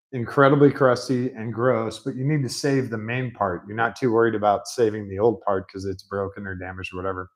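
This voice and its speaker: A man talks through a car repair in his home garage, chatty and rambling, often poking fun at himself. His voice sits at a middle pitch and is picked up by a laptop on a rolling stool nearby. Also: rough recording. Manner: chatty, rambling, self-mocking. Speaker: mechanic showing a repair. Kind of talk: casual workshop vlog.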